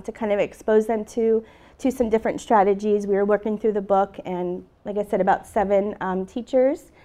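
A woman's voice: mid-range voice, mellow. A middle-aged woman teacher giving an earnest, emotional talk about her classroom, speaking to an audience with slides.

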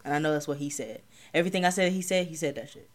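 A woman's voice: low-pitched, rapid-fire. A young woman, hosting a podcast and telling a rambling story in casual chat. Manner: laid-back, rambling, bursts into loud laughter. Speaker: podcast host.

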